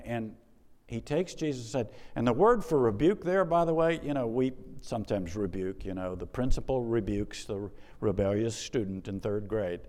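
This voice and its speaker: A male pastor preaching a sermon in an animated, conversational way, with emphatic repetition and joking asides. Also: mid-range voice, in a large hall.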